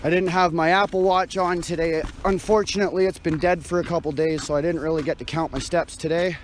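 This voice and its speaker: A man talks into his phone while he walks a cold night street, out of breath and sighing between his thoughts. His pitch sits a little high for a man, and his talk rambles with fillers and restarts. Loud traffic and street noise fill the recording. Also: steady tone, a little fast. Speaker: live streamer. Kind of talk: casual live-stream chat. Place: outdoors on a frosty night street.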